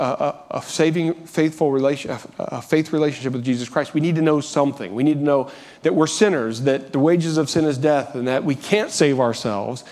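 A man's voice: fairly high pitch, darkish tone. A man preaching a sermon as pastor, earnest, often restarting and repeating phrases, rising when he urges.

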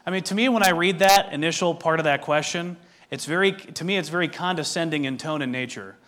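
A man preaching a sermon as pastor, reading scripture aloud and explaining it in a measured way, with direct questions to the listeners. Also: a little high, fairly bright tone.

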